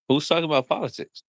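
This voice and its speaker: A man's voice: on the high side, fairly bright tone, no room sound. A man hosting a casual livestream chat, joking around, laughing things off and acting out the voices of people he quotes. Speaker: livestream host.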